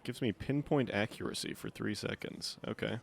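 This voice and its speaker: A man streaming a video game live, talking to himself and his viewers as he plays. He jokes, thinks aloud and chats casually. His voice sits a little low. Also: moderate pace, vocal fry. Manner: chatty, joking, thinks aloud. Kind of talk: live gameplay commentary.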